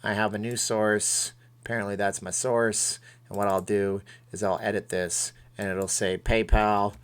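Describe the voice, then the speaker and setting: A man's voice: fairly low pitch, little pitch movement, measured pace, clean tone. A man hosting a casual live stream from home, reading viewer comments aloud and answering them in a chatty, self-deprecating way.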